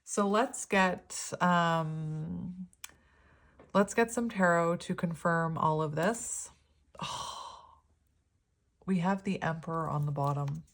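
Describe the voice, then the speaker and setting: A woman in her thirties giving a pick-a-card tarot reading at home, talking gently and rambling with fillers. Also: fairly low pitch, takes it slowly. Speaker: tarot reader.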